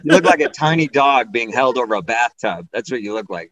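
A man performing a stand-up comedy set, telling a story in an animated way and acting out the voices of the people in it. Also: mid-range voice, a little fast, over a noisy crowd, poor audio.

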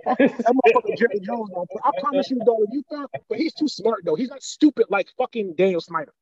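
A man co-hosting a podcast in casual chat, riffing in a rapid, rambling, profane way with street slang. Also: very high-pitched, animated, darkish tone, lo-fi sound. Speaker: podcast co-host.

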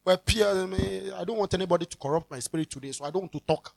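A pastor with a Ghanaian accent preaching a sermon, animated, mixing English with Twi and acting out everyday scenes, now and then shouting for emphasis. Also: mid-range voice, quick pace, creaky.

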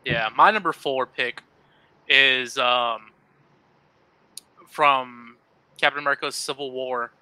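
A man co-hosting a relaxed podcast with a very bright, sharp voice. He talks about movies in an easygoing, earnest way, full of fillers. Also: medium pitch, takes it slowly, long pauses, clean tone, dry recording, poor audio. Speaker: podcast co-host. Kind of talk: casual podcast chat about superhero films.

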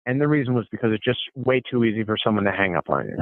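A man's voice: fairly low pitch, animated, rapid-fire, dry recording. Male investor guest, casual anecdote delivery with quoted lines, heard through a thin, dry phone-style signal. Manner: recounts dialogue in quoted snippets, frequent restarts. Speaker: podcast guest, real estate investor. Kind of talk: conversational storytelling. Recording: phone-like narrow sound, dry.

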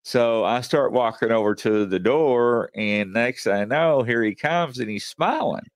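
A man's voice: mid-range voice, measured pace, no echo. A man hosting a show and telling a long, chatty story, with many fillers along the way. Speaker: host. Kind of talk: casual storytelling.

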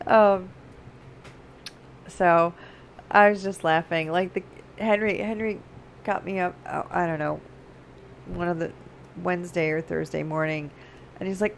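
A middle-aged woman talking casually in a rambling, animated way, often laughing. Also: medium pitch, a little slow, gravelly, long pauses, slight background noise. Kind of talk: casual personal chat.

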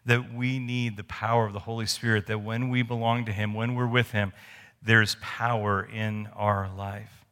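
A man's voice: lowish voice, little pitch movement, moderate pace, fairly bright tone. A man preaching a sermon as pastor, conversational and storytelling, with restarts and asides. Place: church sanctuary. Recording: long church hall reverb.

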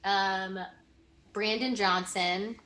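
A woman's voice: mid-range voice, fairly even intonation, drawn-out words, sharp tone, echoey room. A young woman in a casual interview, talking earnestly about past mentors and often restarting her sentences. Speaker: interviewee, former student.

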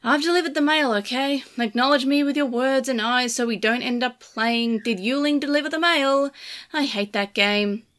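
A woman's voice: sits high, normal speed, fairly bright tone. A woman voicing a wry, blunt young woman researcher in a storybook reading, griping and teasing.

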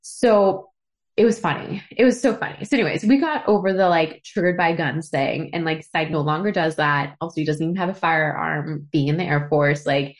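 A woman with a slightly low-pitched voice talks through a personal story on her podcast. She chats casually, giggles often, and scatters "like" through her sentences. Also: normal speed, hardly any pauses. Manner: chatty, giggly, many "like" fillers. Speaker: podcast host.

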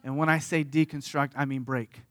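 A man in his thirties preaching a sermon as pastor, earnest, moving from hushed lines to animated storytelling. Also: on the high side, moderate pace.

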